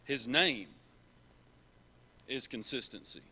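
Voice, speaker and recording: A man's voice: medium pitch, expressive, slow pace, pushed and bright, breathy edge. A man preaching a sermon in a church, earnest and repeating key phrases for emphasis.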